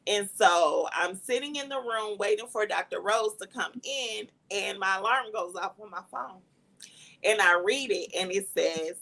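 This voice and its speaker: A woman's voice: medium pitch, a little slow, a bit bright, poor audio. A woman sharing her personal testimony in an earnest, reflective storytelling manner. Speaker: guest, cancer survivor sharing testimony. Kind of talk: personal testimony in casual talk.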